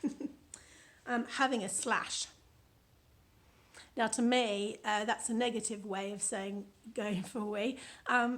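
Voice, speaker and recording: This author, a chatty woman from the United Kingdom with a high voice and a British English accent, reads casually from her own book with commentary. She's playful and laughs at her own lines.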